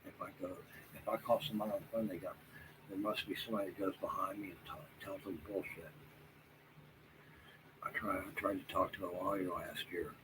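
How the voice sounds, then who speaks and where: Weary deep-voiced man rambling. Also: flat delivery. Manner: halting, many fillers and restarts, drops to near whispers. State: tired. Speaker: vlogger talking to viewers. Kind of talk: rambling casual monologue. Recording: noisy room background.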